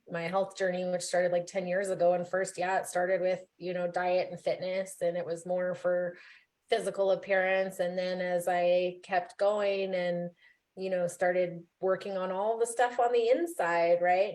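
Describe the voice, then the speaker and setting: A woman's voice: fairly low pitch, darkish tone. A woman hosting a casual live interview, talking enthusiastically with lots of "you know" and "like". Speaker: host.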